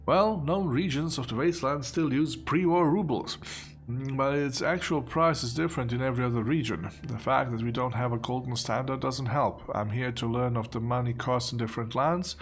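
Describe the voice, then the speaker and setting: A man's voice: mid-range voice, natural voice. A man voicing a pompous male city bureaucrat with a put-on British accent, reading game dialogue in an officious, self-satisfied way.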